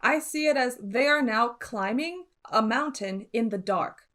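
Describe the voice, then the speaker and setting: A woman's voice: on the high side, unhurried, fairly bright tone. A woman co-hosting a casual podcast chat, explaining her thoughts at length. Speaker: podcast co-host.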